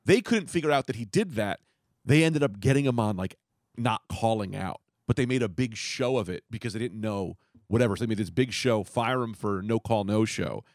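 A man's voice: on the low side, fairly quick, no room sound, studio quality. A young man telling long, profane stories in casual chat, acting out the voices of the people in them. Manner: rambling, profane, animated storyteller who acts out quotes.

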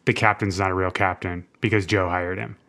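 A man's voice: low-pitched, steady tone, brisk, bright, forceful tone. A man co-hosting a podcast, chatting casually about a TV episode, laughing often and filling with "like". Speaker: podcast co-host. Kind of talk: casual chat recapping a TV episode.

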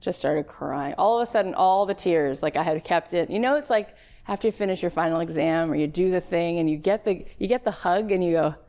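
A woman in her thirties, a podcast host giving a chatty motivational talk, telling stories with lively acted-out quotes. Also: on the low side, fairly quick, few pauses. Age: 30s.

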